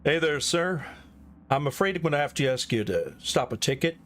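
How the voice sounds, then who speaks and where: A man's voice: a little high, expressive, normal speed, fairly bright tone, a little hiss or hum. A courteous small-town police officer with a thick, exaggerated Southern drawl, as a man puts him on. He scolds in a folksy, polite way, and his voice rises and falls freely.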